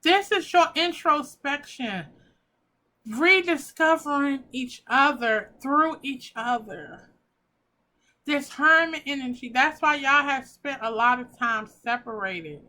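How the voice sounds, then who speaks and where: A woman's voice: sits high, animated, slow pace, sharp tone. A woman giving a pick-a-pile tarot reading, talking casually and emotionally, gushing and swearing as she reads the cards. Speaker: tarot reader.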